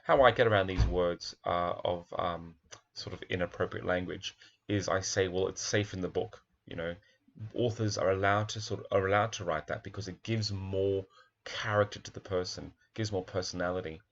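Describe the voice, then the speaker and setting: A man's voice: low-pitched, fairly even intonation, moderate pace, gravelly, highs cut off. A man, a primary school teacher, talks thoughtfully through a picture book, admiring its pages and asking questions aloud.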